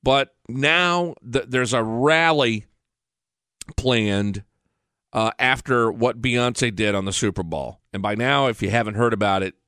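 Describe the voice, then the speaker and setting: A middle-aged man hosts his podcast in a blunt, fired-up rant, swearing freely. His voice sits at an ordinary male pitch. The sound is dry and close, with no room around it. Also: a little slow, a bit bright, clear, resonant tone, no echo. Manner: blunt, profane, fired-up ranting. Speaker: podcast host. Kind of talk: casual ranting monologue. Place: professional studio.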